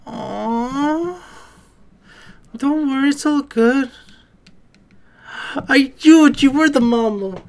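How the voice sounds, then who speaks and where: A YouTuber reacting to an anime, with casual joking commentary and sudden excited outbursts. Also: high-pitched, slow, gravelly, pauses often.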